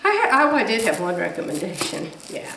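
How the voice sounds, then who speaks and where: A woman's voice: mid-range voice, wildly swooping pitch, a little fast, pushed and bright, roomy sound, distant mic, slight background noise, low-quality recording. A woman vlogging from home in a chatty, gushing way, laughing often as she talks. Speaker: quilting vlogger. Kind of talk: casual chat to camera. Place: home room.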